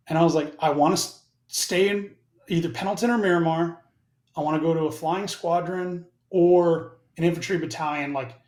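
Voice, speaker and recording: With a steady, darkish tone that still sits on the high side, a man in his forties talks briskly as a podcast guest. He spins a profane, casual story, voicing both sides of each conversation, in a room with noticeable echo.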